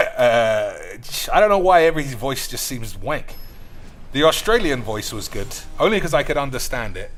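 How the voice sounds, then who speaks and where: A man streaming a card game with crude, rowdy banter and constant shout-outs to the boys. His voice is bright and swings widely in pitch, often leaping into loud, high outbursts. He talks at an unhurried pace over faint game music. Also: big pitch swings. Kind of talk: casual gaming commentary.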